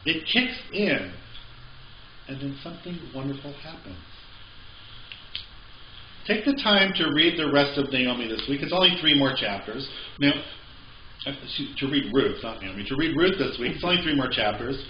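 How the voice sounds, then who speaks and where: In a church sanctuary, a male pastor delivers a sermon conversationally, tossing in joking asides. His mid-range voice has lively intonation and a normal speed with long pauses. The recording is echoey and slightly dull, with a bit of background noise.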